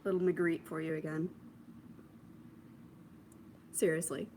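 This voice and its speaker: A woman's voice: lowish voice, big pitch swings, unhurried, pauses often. Young woman on her knitting podcast, chatty and self-amused, faint hum in the room behind her. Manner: chatty, self-amused, trails into soft asides. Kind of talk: casual show-and-tell chat to camera.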